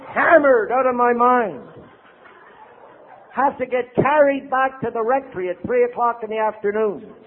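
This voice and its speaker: An older man, a priest, giving a lively recovery talk to an audience, acting out quotes and asking "right?". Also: high voice, phone-quality sound, a little hiss or hum. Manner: animated storyteller, acts out quotes, asks the audience "right?".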